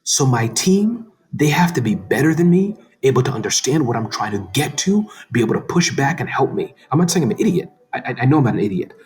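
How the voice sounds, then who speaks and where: A man speaking as a guest in a casual interview, animated and talking quickly, sometimes slurring words. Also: medium pitch. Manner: fast, animated, says he talks too fast. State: tearing up, emotional. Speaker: podcast guest, business founder.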